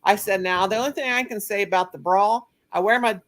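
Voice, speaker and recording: Her voice is medium-pitched and a bit bright, and she speaks a little fast. This middle-aged channel host is rambling through stories in a casual family chat, laughing a great deal.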